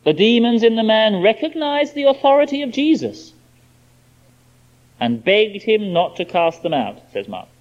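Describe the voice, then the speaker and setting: A male preacher delivering an expository sermon with lively, animated intonation. His voice sits a little high, and he drives his points home with emphasis. The recording sounds dull and lo-fi. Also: a little slow.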